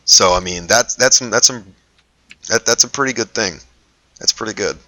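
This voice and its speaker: A man's voice: lowish voice, normal speed, bright, forceful tone, no room sound. A young man running a tabletop game as dungeon master, hesitant and full of fillers. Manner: hesitant, many fillers and restarts, laughs often. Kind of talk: casual tabletop game talk.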